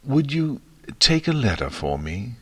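A regal, ancient pony princess speaks softly and politely, put on by a man reading the story. The voice is lifted gently above his deep natural register. The sound is dry and close, with no room around it. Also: sing-song, unhurried, husky, dry recording, exaggerated voice. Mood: warm. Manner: soft, polite and soothing. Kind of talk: audiobook fiction reading.

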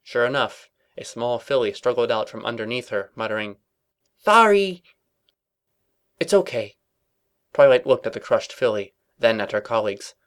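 A man's voice: medium pitch, fairly even intonation, fairly quick, hardly any pauses. A man narrates a comedic fan-fiction story aloud. His delivery is dry and mock-serious, giving silly lines grave weight.

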